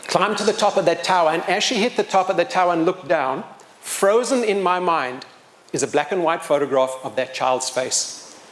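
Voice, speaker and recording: A middle-aged man telling a story to a live audience, animated and self-mocking, with big swings in loudness. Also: sits high, moderate pace. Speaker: storyteller and motivational speaker.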